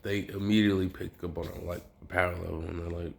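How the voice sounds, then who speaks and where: A young man tells an improvised fan story in a loose, rambling way, interrupting himself with asides. His voice is low and gravelly. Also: little pitch movement, fast talker.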